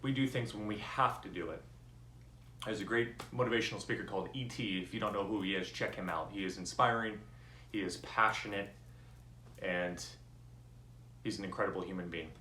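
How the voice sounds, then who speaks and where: Earnest low-voiced man, echoey room. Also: brisk, long pauses, slight background noise. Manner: earnest storytelling, animated when voicing others. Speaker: motivational speaker. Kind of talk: personal motivational talk.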